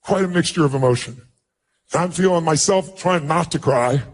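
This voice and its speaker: At a moderate pace and fairly high pitch, a man gives a motivational talk centered on a personal story. He speaks with emphasis and acts out conversations in a raised voice.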